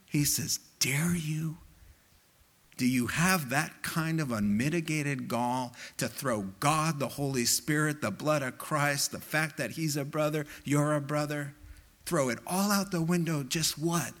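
A pastor preaching a sermon with impassioned, emphatic delivery, climbing into high quoted exclamations. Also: male voice, unhurried, a bit bright.

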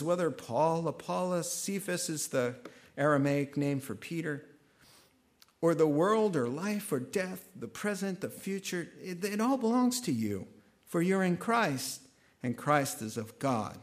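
A man preaching a sermon in a conversational style, animated and then suddenly quiet. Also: a little high. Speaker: pastor.

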